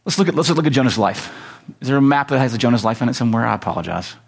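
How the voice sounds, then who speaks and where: A man's voice: medium pitch, lively intonation, racing, gravelly. A man preaching a sermon as a pastor, conversational with joking asides. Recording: long hall reverb.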